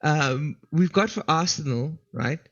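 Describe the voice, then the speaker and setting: A man's voice: a little high, lively intonation, a little slow, slightly rough. A man from South Africa with a South African accent, co-hosting a podcast in casual football chat and explaining his points at length. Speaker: podcast co-host. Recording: dull lo-fi sound.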